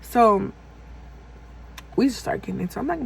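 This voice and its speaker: A young woman telling a casual storytime vlog, animated and profane, acting out heated quotes. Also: mid-range voice, normal speed, vocal fry, long pauses, a little hiss or hum, low-quality recording. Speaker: vlogger.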